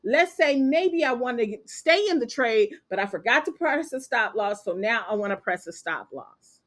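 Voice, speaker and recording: A woman teaches a live online trading class, walking viewers through the steps and checking in with "okay?" and "capiche?" along the way. Her voice is on the high side and a bit bright, expressive at a normal speed.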